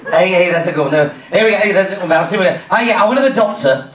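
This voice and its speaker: A man putting on a brash, cheeky music-hall comedian with an English accent, working the crowd with saucy one-liners. His voice sits high for a man. It comes from a distance in an echoey hall, with a crowd laughing behind him. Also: expressive, very fast. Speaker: comedian impersonator at a party. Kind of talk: stand-up comedy routine. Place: party hall.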